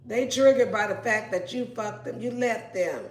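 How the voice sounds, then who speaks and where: A woman's voice: a little high, moderate pace. A woman giving a casual tarot reading in a brash, playful and profane way. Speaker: tarot reader. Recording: roomy echo.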